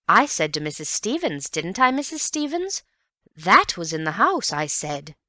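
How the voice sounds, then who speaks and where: An excitable young housemaid who chatters eagerly in a storybook reading, as a woman puts her on. She stays close to the reader's low pitch, and the sound is dry and intimate. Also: moderate pace, no room sound.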